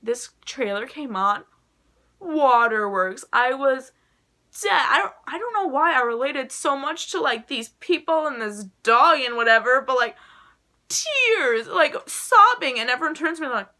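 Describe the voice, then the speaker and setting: A woman's voice: high-pitched, animated, measured pace, sharp tone. A young adult woman chatting casually to camera in a rambling way, full of "like" fillers. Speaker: vlogger.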